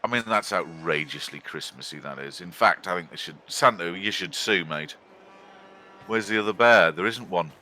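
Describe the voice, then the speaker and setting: Man, very low and bright, casual joking game commentary, faint hiss behind. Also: normal speed. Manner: chatty, joking and teasing.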